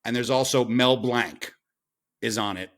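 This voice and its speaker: Man co-hosting with halting fillers. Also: mid-range voice, fairly bright tone. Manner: halting, corrects himself, many fillers. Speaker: podcast co-host. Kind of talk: casual chat.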